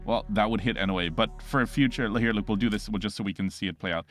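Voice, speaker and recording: Rambling game master, male, low voice, faint music underneath. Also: fast, fairly bright tone. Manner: loose, rambling, full of "like". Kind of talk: narrating a tabletop game.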